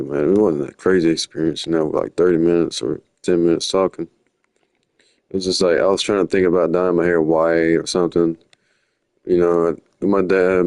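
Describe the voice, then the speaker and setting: A man's voice: low voice, a little mellow, clear, resonant tone, dry recording. A young man rambling through slangy stories while live-streaming. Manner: rambling, slangy, drifting storytelling. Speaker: livestreamer.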